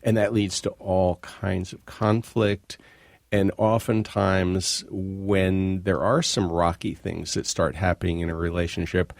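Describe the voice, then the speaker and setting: A man's voice: low voice, creaky, dry recording, studio quality. A man hosting a radio interview, asking thoughtful questions. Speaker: radio show host.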